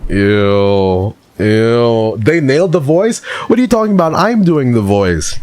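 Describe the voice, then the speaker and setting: A man's voice: fairly high pitch, very animated, brisk, a little mellow, no room sound. A man streaming live, reacting in casual, exasperated commentary full of swearing.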